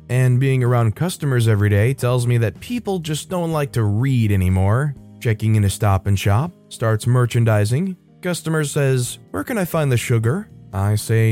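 A man reads reddit stories aloud at a brisk clip and adds wry comments between them. He speaks in a mid-range voice and briefly changes it for the quoted people. Faint guitar music plays under his voice. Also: mid-range voice, mellow. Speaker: story narrator.

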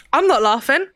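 Scolding woman with a soft Cockney accent. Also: high voice. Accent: soft put-on Cockney. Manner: scolding, sarcastic. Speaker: player. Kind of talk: in-character tabletop role-play.

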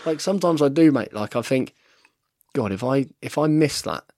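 An English man in his thirties, a professional rugby player, chatting excitedly while rewatching match footage and calling his friend "mate" constantly. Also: mid-range voice, normal speed, no room sound, studio quality. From England. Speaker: guest, professional rugby fly half. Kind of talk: casual chat while watching match footage.

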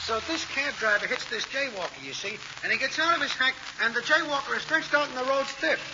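An actor playing a chatty, streetwise male cab driver with a fast slangy patter, in 1940s radio acting. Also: extremely high pitch, animated. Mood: joking. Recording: hissy, muffled 1940s radio recording.

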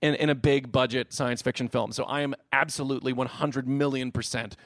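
A man co-hosting a podcast, talking excitedly about films, swearing often and laughing a lot. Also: medium pitch, brisk, no room sound, studio quality. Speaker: podcast co-host. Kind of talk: casual podcast chat.

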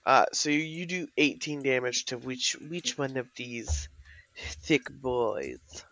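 A woman with a gravelly, fry-heavy voice runs a tabletop game at an unhurried pace. She rambles casually and swears freely. The sound is dry and close. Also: a bass voice, lively intonation, fairly bright tone, no room sound. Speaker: game master.

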